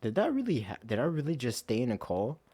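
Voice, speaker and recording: A young man hosting a podcast, telling a story in a profane, animated late-night monologue. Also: medium pitch, quick pace, slightly rough. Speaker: podcast host.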